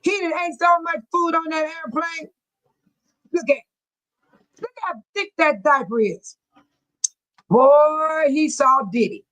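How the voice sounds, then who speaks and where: A woman's voice: high-pitched, slow, long pauses, fairly bright tone, rough recording. A middle-aged woman hosting a casual live stream, chatting with her viewers and laughing often as she reads their comments.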